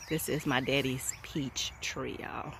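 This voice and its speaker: A woman's voice: very deep voice, steady tone, takes it slowly, fairly bright tone, a little hiss or hum. A woman, chatting enthusiastically to a handheld phone camera outdoors on a farm. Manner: enthusiastic, chatty, keeps saying y'all. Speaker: homestead vlogger. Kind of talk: casual vlog talk to camera. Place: outdoors on a rural hillside farm.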